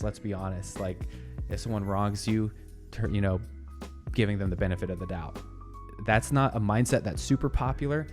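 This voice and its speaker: A man's voice: lowish voice, a little mellow. A man in his twenties hosting a casual good-news show, chatting and reacting to video clips in an upbeat, rambling way with frequent laughs. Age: 20s.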